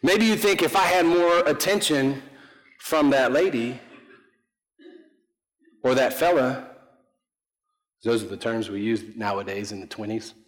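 A pastor with a mid-range voice preaches unhurriedly, pausing often, in a sermon full of self-directed jokes and questions for the congregation. The church sanctuary gives the recording a long hall reverb.

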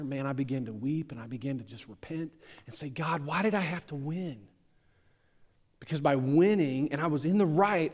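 Preaching man with a slightly high voice, big hall reverb. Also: normal speed. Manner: impassioned preaching, swinging between loud emphatic peaks and hushed low asides. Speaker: pastor. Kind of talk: sermon.

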